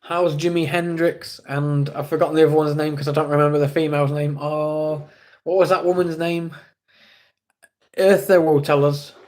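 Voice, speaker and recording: A man's voice: fairly high pitch, flat delivery, moderate pace, a little mellow. A man with an English accent streaming live, chatting casually with viewers in a rambling, self-deprecating way.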